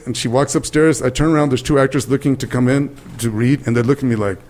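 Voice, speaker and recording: Older man telling animated showbiz stories. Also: mid-range voice, fast talker. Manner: animated storyteller acting out quoted voices. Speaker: guest actor. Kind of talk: interview storytelling.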